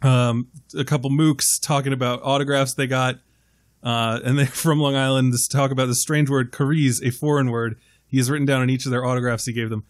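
A man from Queens co-hosting a film podcast, telling stories in a lively, swearing, laughing way. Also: mid-range voice, a little fast, no echo, studio quality. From Queens, New York. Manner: animated, profane storytelling with frequent laughs. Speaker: podcast co-host. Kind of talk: casual film podcast chat.

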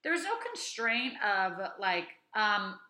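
A woman's voice: medium pitch, very animated, takes it slowly, bright, forceful tone, echoey room. A woman in her thirties co-hosting a casual chat, talking things through and reading aloud from a website. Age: 30s. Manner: chatty, reads aloud from a website. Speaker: podcast co-host.

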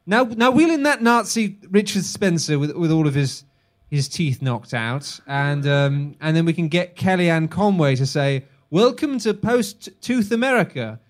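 A man voices a fussy photographer barking orders at his crew in a sketch read-through. His delivery is animated, rising and falling a lot. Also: fairly high pitch. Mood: bossy. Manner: bossy, hurried instructions. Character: fussy male photographer directing a shoot.

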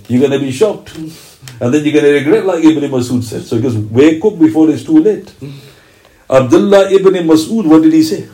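Male lecturer, fairly high voice, lively storyteller who acts out quotes, sermon delivery. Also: moderate pace, low-quality recording. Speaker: Islamic teacher. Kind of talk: religious lecture.

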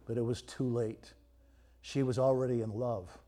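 A pastor preaching a storytelling sermon, swinging between loud emphasis and quiet, hushed moments. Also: male voice, medium pitch, fairly even intonation, normal speed.

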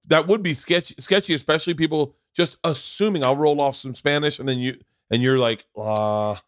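A man's voice: a little high, steady tone, a little fast. A man hosting a podcast, telling stories in a loose, rambling way, often restarting sentences and swearing freely. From Florida. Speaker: podcast host; comedian. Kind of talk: casual conversational storytelling.

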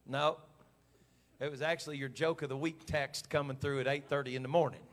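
A man's voice: a little high, little pitch movement, brisk. A middle-aged man preaching a sermon as pastor, in a folksy, plain-spoken way full of repetition.

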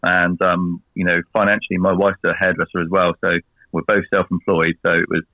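A man's voice: sits low, level tone, brisk, no room sound, dull audio. An English man chatting casually as a guest, rambling and laughing at his own jokes. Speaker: guest on a video call. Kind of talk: casual chat.

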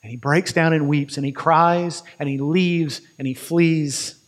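Brief: male preacher, fairly high voice, vivid storytelling sermon. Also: fairly even intonation, big-room sound. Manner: vivid retelling with quick restarts.

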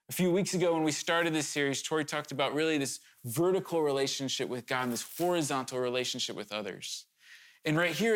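A man with a fairly high pitch preaches a sermon to his congregation, earnest and urgent. He talks conversationally, dropping candid asides and rising suddenly into emphatic moments.

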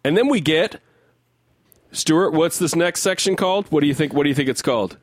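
A man's voice: a little high, a little fast, no room sound. A young adult man co-hosting a podcast, breaking down a song in casual chat and talking in loose restarts and hedges. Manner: rambling, full of restarts and hedges. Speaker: podcast co-host. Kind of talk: casual music-analysis chat.

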